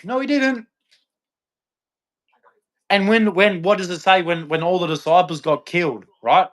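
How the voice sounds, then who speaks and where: A man's voice: sits high, measured pace, fairly bright tone. A man, ranting about faith straight to camera in a repetitive, heckling, preachy way. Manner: repetitive, heckling, challenging the listener. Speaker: vlogger. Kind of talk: preachy religious rant to camera.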